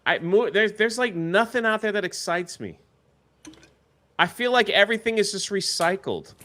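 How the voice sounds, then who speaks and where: A man's voice: high-pitched, lively intonation, normal speed, pushed and bright. A man co-hosting a casual chat show, rambling loosely, trailing off and laughing as he talks. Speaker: co-host.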